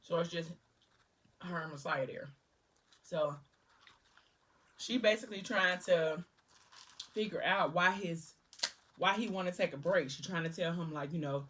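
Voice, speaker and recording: A woman's voice: lowish voice, measured pace, long pauses, fairly bright tone, recorded from a distance. A woman casually recapping a novel's scenes while eating, slipping into the characters' lines with "he was like" and "she was like". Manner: retells scenes loosely, quoting characters with "he was like". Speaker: book vlogger.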